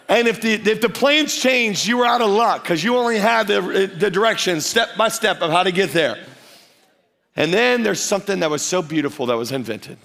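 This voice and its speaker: A man pastor preaching a sermon in a church, animated and playful, with asides to the congregation. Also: sits high, creaky. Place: church stage before a congregation.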